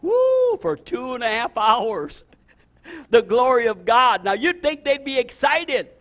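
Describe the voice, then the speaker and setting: An older man, a pastor, preaching a storytelling sermon in an animated way, with many restarts and rising exclamations. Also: extremely high pitch, unhurried.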